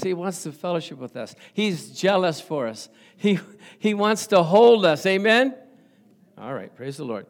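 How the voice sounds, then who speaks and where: Emphatic preaching man, slightly high voice. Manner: emphatic, repeats phrases for stress; chuckles at his own stories. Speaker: pastor. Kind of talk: sermon.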